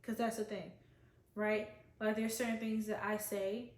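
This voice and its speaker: A woman's voice: medium pitch, little pitch movement, measured pace, roomy sound. A woman casually giving an opinionated, chatty review of a reality show. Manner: chatty, opinionated, quotes others in voices. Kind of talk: casual chat.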